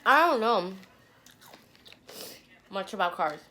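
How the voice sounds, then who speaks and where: A young woman vlogger telling a story to the camera between bites, animated and blunt, with the odd swear word. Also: medium pitch, slow. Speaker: mukbang vlogger. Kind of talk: storytime chat while eating.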